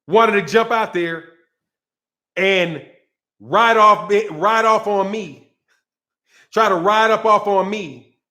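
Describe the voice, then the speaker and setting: A man's voice: high-pitched, fairly bright tone. A man hosting a boxing commentary channel, ranting in a heated, profane way, repeating himself and breaking into laughter.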